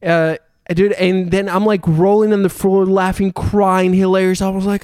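A man's voice: sits high, flat delivery, normal speed, a little mellow, clean tone, dry recording, clean studio sound. A young man telling a long story in casual chat, swearing often and laughing as he goes.

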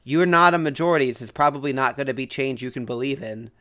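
A man's voice: medium pitch, fast talker, a bit bright. A man co-hosting a podcast in casual chat, making dry, wry asides. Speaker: podcast co-host.

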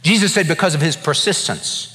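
A man preaching a sermon as a pastor, swinging from hushed to loud as he acts out voices from Bible stories. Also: fairly high pitch, fairly quick. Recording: long reverb of a large hall.

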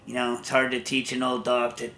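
A man's voice: mid-range voice, completely flat delivery, brisk, sharp tone, slight background noise. A man hosting a podcast, chatting casually and reading out a listener question, rambling with many fillers and restarts. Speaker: podcast host; reads listener questions aloud. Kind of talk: casual chat.

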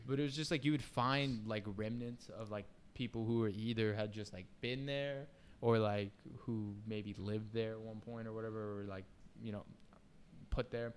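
A man's voice: on the low side, steady tone, normal speed, smooth. A young man in casual chat, telling a story in a laid-back, slangy way. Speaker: friend in group chat.

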